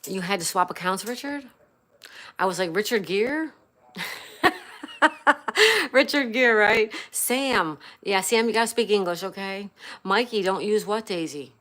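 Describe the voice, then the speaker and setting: Soft-spoken woman chatting on a baking livestream. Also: medium pitch, expressive, a little slow, pauses often. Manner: soft, chatty, reads viewer names aloud. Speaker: livestream host. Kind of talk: casual live-stream chat while baking.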